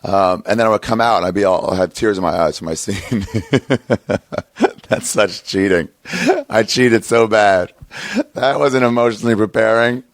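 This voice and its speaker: A man in his thirties hosting a podcast, rambling and swearing as he tells an animated story in casual chat. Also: lowish voice, normal speed, dry recording, clean studio sound. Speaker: podcast host. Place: outdoor patio by a street.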